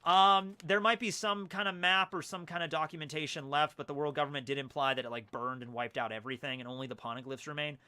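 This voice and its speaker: Bright-voiced man rambling on a stream. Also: a little high, fairly even intonation, quick pace, few pauses, clear, resonant tone. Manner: rambling, loose and chatty with many fillers. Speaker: streamer reading fan mail. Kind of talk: casual livestream chat. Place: at home.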